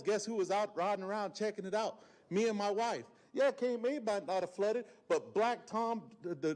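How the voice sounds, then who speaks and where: A man's voice: high-pitched, darkish tone. A man of about forty, giving an emotional, blunt and folksy public comment at a county meeting podium, full of fillers and restarts. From South Carolina Lowcountry.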